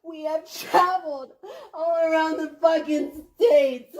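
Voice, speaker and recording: A woman's voice: high-pitched, fairly even intonation, very slow, a little mellow. A woman ranting to camera in an agitated, profane way, swinging between laughter and tears. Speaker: vlogger. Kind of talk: emotional rant to camera.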